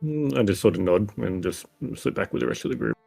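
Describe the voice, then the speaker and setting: A man playing a tabletop game who asks calm, probing questions in character. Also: low voice, fairly quick, gravelly, soft background music. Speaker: player. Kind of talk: tabletop role-play.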